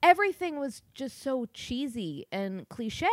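A woman co-hosting a casual movie review, sarcastic and quick to laugh, with plenty of profanity. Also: medium pitch, sing-song, no echo, studio quality. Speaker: podcast co-host.

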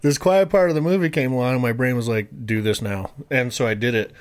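A man with a mid-pitched voice who tells stories with gusto. He laughs often and swears freely. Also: fast. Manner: animated, laughing, profane storyteller. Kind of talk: casual storytelling.

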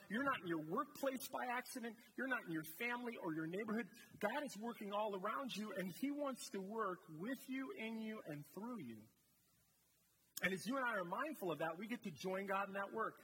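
A man's voice: sits high, a bit bright. A man preaching a sermon as a guest speaker, talking conversationally and telling stories with asides. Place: church sanctuary. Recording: long hall reverb, faint noise.

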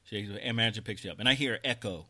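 A man in his thirties co-hosting a casual chat show, telling an animated story and swearing freely. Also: lowish voice, very fast. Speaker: podcast co-host.

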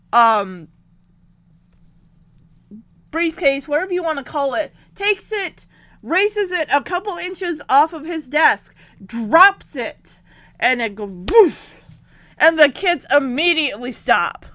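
Woman, casual recap host, high bright voice, swings all over. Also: no room sound. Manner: animated, chatty, laughing. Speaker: show recapper.

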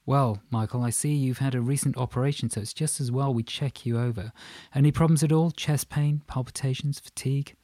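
A man's voice: medium pitch, fairly even intonation, brisk, warm tone, no room sound, voice pushed up, close to an everyday voice. A man voicing a composed woman doctor, speaking blandly and professionally. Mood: calm professional. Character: composed young woman doctor, calm, guarded.

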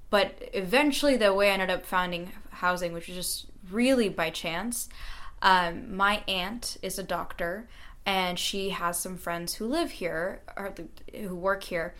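A woman's voice: medium pitch, takes it slowly, bright, forceful tone. A young woman in her late teens, a student, telling her story in a casual radio interview, earnest and chatty with frequent fillers. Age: young adult.

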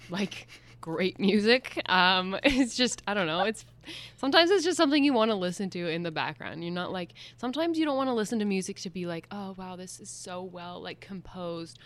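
A woman's voice: medium pitch, big pitch swings, fairly quick, a bit bright, no echo. A young woman co-hosting a casual chat, talking in a rambling, chatty way and often second-guessing herself. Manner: chatty, rambling, self-questioning. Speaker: co-host.

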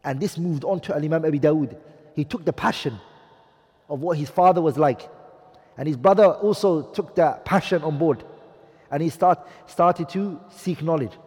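Male religious teacher, husky and fairly high, heard in a reverberant hall. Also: moderate pace, a little mellow. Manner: questions the audience, mixes Arabic phrases. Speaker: Islamic studies teacher. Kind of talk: religious class lecture.

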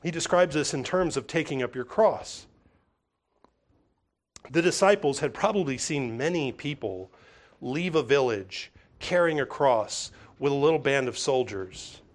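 A pastor preaching a sermon, with emphatic, repeating phrases and frequent restarts. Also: male voice, medium pitch, animated, measured pace. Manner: acts out voices of others when telling stories.

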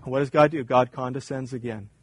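A man's voice: medium pitch, fairly even intonation, fairly quick, breathy edge. A man preaching a sermon as pastor, earnest and emphatic, repeating his key points.

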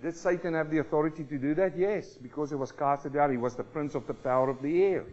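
A man preaching a sermon, swinging from hushed low asides to loud exclamations and asking the congregation for responses. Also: fast talker, dull audio. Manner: asks the congregation questions and calls for responses.

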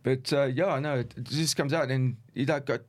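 A middle-aged former football referee, relaxed and anecdotal, telling stories in a conversational interview. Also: male voice, mid-range voice, moderate pace. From South Africa. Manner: relaxed, anecdotal, chuckles while recounting. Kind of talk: conversational storytelling.

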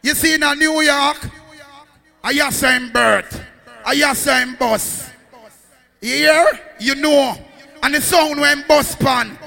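A MC hyping a dancehall crowd in a high, gravelly voice, dragging his shouted calls out slowly. His sing-song patois bounces around a big hall with a long echo and music underneath. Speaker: sound clash MC. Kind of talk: live dancehall hype hosting.

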